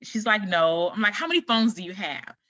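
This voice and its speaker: An American woman hosts her own podcast, chatting casually in a solo episode and rambling through a story with plenty of fillers. Her mid-range voice moves a little fast and her retelling is animated. The sound is lo-fi with no echo.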